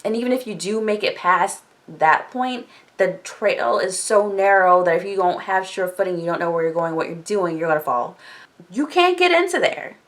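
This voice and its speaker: A woman vlogger retells a novel in a loose, chatty way. She leans on filler words as she goes, and her voice sits a little low. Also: moderate pace. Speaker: book discussion vlogger. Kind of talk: casual book recap.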